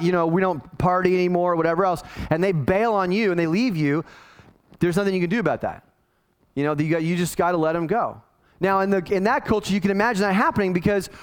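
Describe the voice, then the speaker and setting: A middle-aged man, a pastor, preaching a sermon in a casual, conversational way and acting out the people he quotes. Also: high voice. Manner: conversational, animated, acts out quoted voices.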